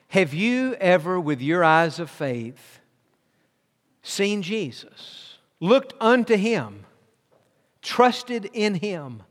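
A man preaching a sermon as pastor, moving between loud proclamation and hushed, slow guided prayer. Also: on the high side, long reverb tail.

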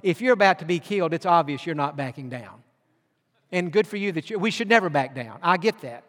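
A man preaching a sermon, swinging from loud declarations to hushed tones. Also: a little high, animated, fairly quick. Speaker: pastor. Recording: long hall reverb.

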